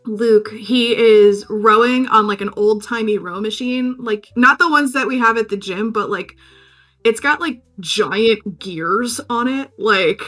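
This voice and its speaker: A woman's voice: fairly high pitch, unhurried, fairly bright tone, soft background music. A young woman co-hosting a podcast, recapping a movie in a rambling, jokey way with lots of "like" and "um". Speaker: podcast co-host. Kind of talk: casual chat.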